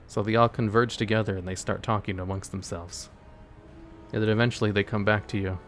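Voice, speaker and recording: A man's voice: fairly low pitch, fairly even intonation, brisk, fairly bright tone, soft background music. A man running a tabletop-style adventure as game master, narrating in a casual, joking, offhand way and talking to his chat.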